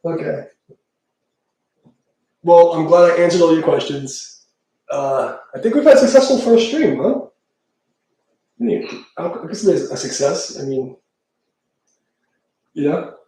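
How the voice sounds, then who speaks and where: A man rambles through a casual live-stream chat, swearing freely and laughing between thoughts. His voice is mellow and a bit high for a man. It rings in a very echoey room, picked up from a good distance away from the mic. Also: expressive, a little slow, long pauses. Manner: rambling, profane, laughs often. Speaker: tarot reader streaming live.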